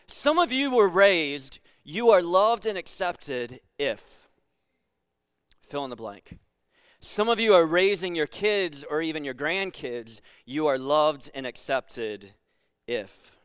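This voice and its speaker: A man preaching an earnest sermon as a pastor, going soft and hushed when he voices loving words and repeating words as he builds a point. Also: a little high, lively intonation, slow pace, clear, resonant tone, dry recording, studio quality. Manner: earnest, drops to a hushed voice for quoted lines.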